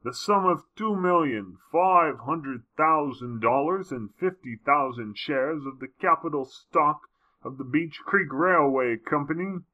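Guy doing a stuffy posh noble voice, slow and grand, kinda muffled audio. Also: lively intonation. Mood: stately. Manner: slow, stately, raised pitch. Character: pompous noble reading a marriage deed.

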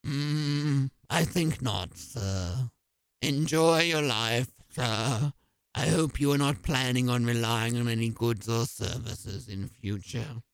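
A man's voice: mid-range voice, slow, clear, resonant tone, no room sound, voice pushed down. A man voicing a stiff, haughty male butler who speaks in a formal, disdainful way.

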